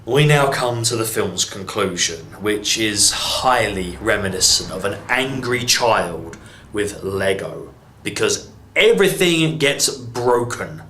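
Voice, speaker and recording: A man's voice: fairly low pitch, lively intonation, slow pace, pushed and bright, reverberant, slight background noise. An English man reviewing a film in an exasperated, sarcastic rant, swearing freely. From England. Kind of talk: ranting movie review.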